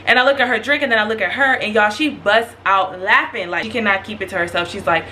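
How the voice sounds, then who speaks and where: A woman's voice: medium pitch, fast, few pauses, a little hiss or hum. A young woman vlogger telling a casual storytime to her viewers, chatty and slangy, talking straight to the audience. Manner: chatty, animated, slangy, addresses viewers directly.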